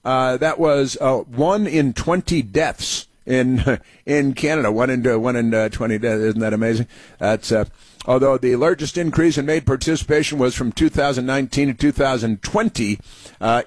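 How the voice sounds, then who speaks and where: A man's voice: mid-range voice, no room sound. A man giving a sarcastic political commentary monologue, reading headlines aloud and mocking them, with many fillers and restarts. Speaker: commentary show host.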